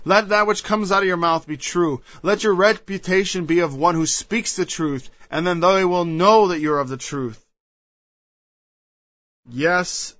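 The recording is dull, lo-fi and dry, carrying a man's somewhat high, slightly bright voice as he preaches. He reads scripture and explains it with emphasis, digresses often, and acts out the voices he quotes.

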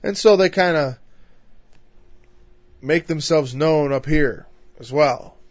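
A man's voice: fairly high pitch, slow pace, no echo. A man from northern Illinois leading an informal Bible study in a conversational way. He asks rhetorical questions and often says "you know.". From northern Illinois, USA. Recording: dull, dry lo-fi recording.

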